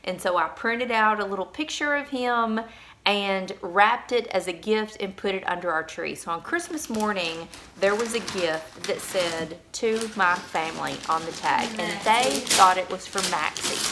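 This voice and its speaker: A woman's voice: mid-range voice, measured pace, noisy background. A woman vlogger and mother telling viewers a heartfelt story in a casual, earnest way. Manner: earnest and emotional, addresses viewers directly.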